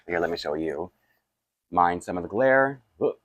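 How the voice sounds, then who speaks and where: A man's voice: low-pitched, lively intonation, moderate pace. A tired, groggy man, chatting casually and rambling with asides while unboxing toys for his vlog. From Canada. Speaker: toy collector vlogger.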